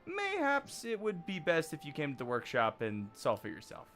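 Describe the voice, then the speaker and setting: Rough male engineer, broad mock working-class twang, hammed up, higher and louder than everyday talk, as a man reads it out. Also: wildly swooping pitch, normal speed, faint music behind, full character voice. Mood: hammy.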